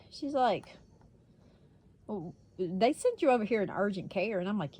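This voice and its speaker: A woman's voice: on the high side, sing-song, moderate pace, a little mellow, slightly rough. Blunt laughing woman telling a story. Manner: blunt, laughing, swears freely. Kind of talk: casual storytelling.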